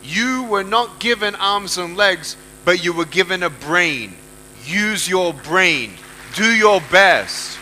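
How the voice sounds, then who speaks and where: A man's voice: sits high, expressive, slow, bright, forceful tone, slight background noise, poor audio. A man giving a motivational speech to a live audience, emphatic, repeating key phrases and putting questions to the listeners. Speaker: motivational speaker.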